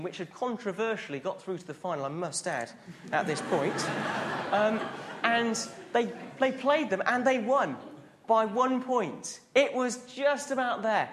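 A man's voice: extremely high pitch, slight background noise. A man preaching a sermon to a congregation in a questioning, conversational way.

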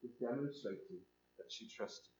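A man preaching a sermon, emphatic and animated, acting out the voices of the people he quotes. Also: medium pitch, normal speed, a little hiss or hum. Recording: echoey room, dull sound.

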